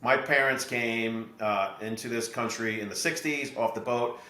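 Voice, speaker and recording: A middle-aged man from New Jersey, a podcast guest and real estate investor, explaining his ideas through steady anecdotes. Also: mid-range voice, normal speed. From New Jersey, USA. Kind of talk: podcast interview storytelling. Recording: echoey room.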